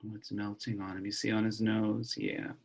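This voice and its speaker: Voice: mid-range voice, level tone, normal speed, darkish tone. An elementary music teacher reading a picture book aloud in an online lesson and chanting a clapped rhythm.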